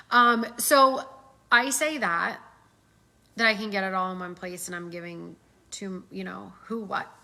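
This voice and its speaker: A middle-aged woman giving casual sales coaching, animated and acting out customer voices as she talks. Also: mid-range voice, unhurried, gravelly. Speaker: sales trainer.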